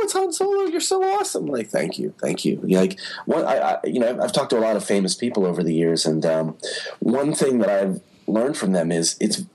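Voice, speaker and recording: A man's voice: lowish voice, a little mellow, rough recording. A man talking as a podcast guest, telling stories casually with lots of filler words. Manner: chatty storyteller, many "you know" fillers. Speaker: entertainment journalist guest. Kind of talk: casual interview talk.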